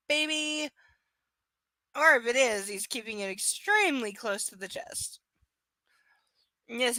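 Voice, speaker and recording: A woman's voice: a little high, pushed and bright, no room sound. A woman reading a novel aloud on a livestream, breaking off to chat, swear and tease her viewers by name. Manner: chatty, profane, teasing viewers by name. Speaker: livestream reader. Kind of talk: live reading with casual chat asides.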